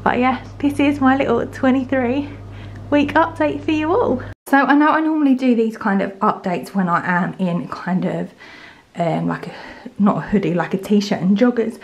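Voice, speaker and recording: A woman's voice: on the high side, normal speed, muffled recording. A young woman from the UK chatting casually in a home vlog, rambling with lots of fillers. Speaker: vlogger. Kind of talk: casual pregnancy update vlog.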